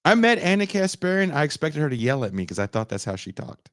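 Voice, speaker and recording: A man's voice: on the high side, sing-song, fast talker, few pauses, no echo, clean studio sound. Swearing male podcast host ranting. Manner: loud, swearing, swings into shouting and mock voices. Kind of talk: profane comedic rant.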